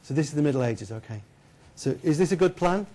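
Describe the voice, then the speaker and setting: Lively, chatty male storyteller. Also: fairly high pitch, quick pace. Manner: lively, chatty, asks the audience questions. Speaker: keynote speaker. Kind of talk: storytelling lecture to an audience. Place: lecture hall.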